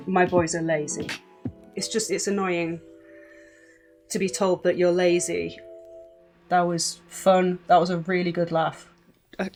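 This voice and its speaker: A woman chatting casually on a live stream, rambling and self-mocking. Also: lowish voice.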